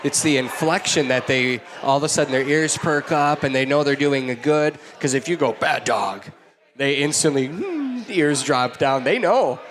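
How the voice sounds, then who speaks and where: A man's voice: medium pitch, moderate pace, hardly any pauses, a bit bright, slight background noise. A man hosting a live podcast at a brewery, joking easily and laughing often. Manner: jokey, easygoing, laughs often. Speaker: podcast host. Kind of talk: live podcast chat with audience.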